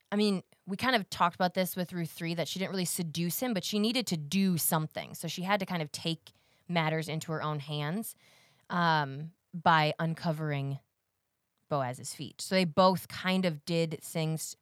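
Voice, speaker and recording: Woman co-host, lowish voice, curious and unsure, hedges a lot, dry sound. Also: unhurried, no room sound. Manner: curious, tentative, hedges her points. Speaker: podcast co-host. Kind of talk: casual Bible study chat.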